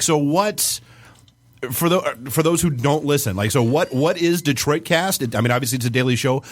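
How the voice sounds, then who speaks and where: A man hosting a casual podcast interview, asking quick questions between jokes. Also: medium pitch. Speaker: podcast host.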